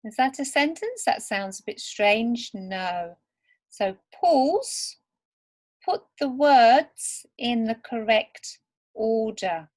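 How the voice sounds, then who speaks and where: Woman English teacher for beginners, slow deliberate pace, fairly high voice. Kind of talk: slow, clear lesson for beginner learners.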